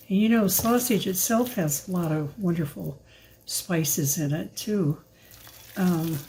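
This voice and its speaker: Older woman, warm low-key voice, slow and rambling, showing a recipe in her kitchen. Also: slight background noise, rough recording. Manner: chatty, rambling, with fillers and asides. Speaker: home cook filming a recipe video. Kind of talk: casual cooking demonstration. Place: home kitchen.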